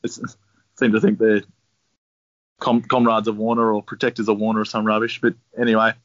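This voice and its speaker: A man's voice: fairly low pitch, flat delivery, a little fast, no echo. A young man with an Australian accent, casually telling a long anecdote, laid-back and swearing freely. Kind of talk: casual storytelling. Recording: dry, slightly dull sound.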